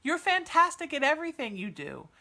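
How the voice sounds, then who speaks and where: A woman's voice: sits high, very animated, a little fast, pushed and bright. A woman hosting a podcast and giving live psychic readings to chat viewers, soothing and reassuring, chatty with many fillers. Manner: soothing, reassuring, calls listeners sweetheart.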